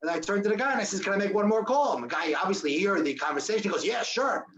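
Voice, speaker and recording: A man telling a survival story to an audience, acting out the dialogue with sudden jumps in his voice. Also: rapid-fire. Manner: animated, acts out quoted dialogue with sharp pitch jumps. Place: audience hall. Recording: dull lo-fi recording.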